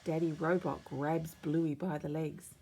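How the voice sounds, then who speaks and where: An Australian woman reading a children's story aloud, slow and expressive. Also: deep voice, creaky, slight background noise. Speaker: children's book reader.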